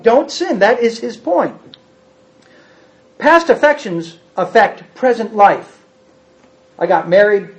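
A man's voice: sits high, slow, long pauses. A man preaching a sermon, hammering points home through repetition and quizzing his congregation. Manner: emphatic, repetitive, rises to forceful outbursts; asks the congregation questions. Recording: dull, muffled sound.

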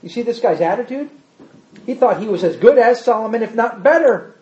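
A man preaching a sermon and reading scripture, shifting between loud emphasis and quiet asides. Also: extremely high pitch, animated, fairly quick. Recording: echoey hall, slightly dull sound.

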